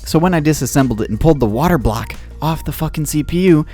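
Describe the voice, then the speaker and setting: A man's voice: fairly high pitch, expressive, quick pace, mellow, soft background music. A young man telling a story in a vlog, rambling, interrupting himself and swearing constantly, recorded in a basement. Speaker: YouTuber.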